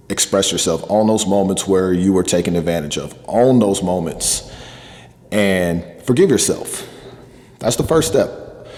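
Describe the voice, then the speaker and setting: A man's voice: deep voice, a little mellow, in a large hall. A man giving a motivational self-improvement talk in an earnest coaching manner, with many fillers and repeated points.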